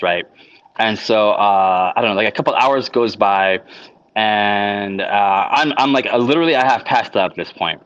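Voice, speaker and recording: Halting man in a rambling monologue. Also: lowish voice, fairly bright tone, highs cut off. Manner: halting, with many restarts and filler words. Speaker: vlogger. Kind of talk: unscripted personal monologue.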